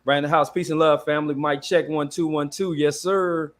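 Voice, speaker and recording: A man's voice: fairly high pitch, fairly quick. Man hosting a casual sports stream. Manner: relaxed, conversational, reads viewer comments aloud. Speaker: podcast host. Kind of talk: casual live-stream boxing talk.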